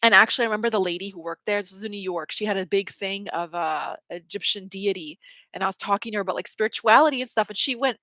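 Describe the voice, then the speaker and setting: A woman's voice: mid-range voice, fast, bright, forceful tone, no room sound. A woman hosting a livestream, telling a rambling story in casual chat, full of "like" and laughing between words. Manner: chatty, rambling, heavy use of "like"; laughs mid-sentence while storytelling. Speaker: livestream host.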